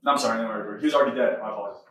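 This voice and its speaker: Fast-talking fervent preaching man. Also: lowish voice, a bit bright. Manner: fervent, fillers like "man", "right?", "come on". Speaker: podcast host preaching. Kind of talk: casual spoken sermon. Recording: very echoey room, mic far off.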